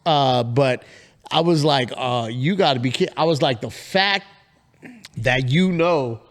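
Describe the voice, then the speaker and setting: A man in his forties, co-hosting a casual podcast, telling a story and acting out the quotes with big jumps in pitch. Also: unhurried. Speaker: podcast co-host.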